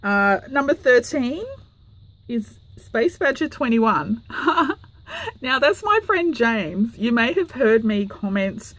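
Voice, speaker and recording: A woman's voice: fairly high pitch, animated, slow, a bit bright, dry recording. An Australian woman hosting her craft channel, chatting casually to camera with lots of ums and little apologies. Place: home craft room.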